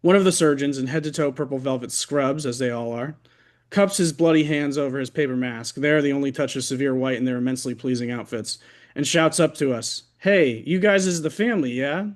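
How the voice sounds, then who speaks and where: A man at an open mic reading his own fiction aloud over a video call, in a wry, deliberate way. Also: medium pitch.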